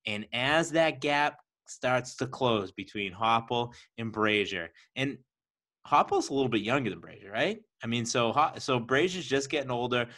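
A man co-hosting a sports podcast, making his points with lively repetition. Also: mid-range voice, normal speed. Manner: animated, repeats points for emphasis. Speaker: podcast co-host. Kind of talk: casual podcast chat.

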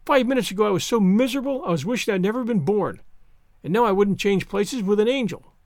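A man's voice: high voice, expressive, fast talker, a little mellow, dry recording, clean studio sound. A man reading a gushing, breathless orphan girl. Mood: overjoyed. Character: imaginative talkative orphan girl, about eleven.

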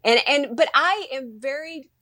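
A woman's voice: high-pitched, unhurried, no room sound. A woman, a mother, talking animatedly as a guest in a casual interview and acting out bits of dialogue. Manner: animated, acts out quoted dialogue.

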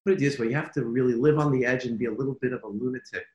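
A man in an interview who tells business stories in an animated way, repeating himself and laughing easily. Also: mid-range voice, very fast, muffled recording. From United States. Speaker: toy company executive. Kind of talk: conversational interview. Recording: echoey room.

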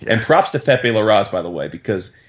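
A man hosting a podcast, recapping a comic in an excitable, profane, slangy way. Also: lowish voice, fairly quick, a little hiss or hum. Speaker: podcast host. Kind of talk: casual comic book recap chat. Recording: dull lo-fi podcast audio.

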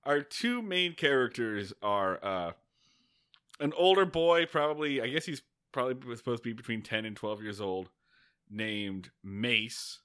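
Bright, lively-voiced man joking around. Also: mid-range voice, a little slow, clear, resonant tone. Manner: joking, swears casually, laughs while talking. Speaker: podcast co-host. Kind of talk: casual comedic movie chat.

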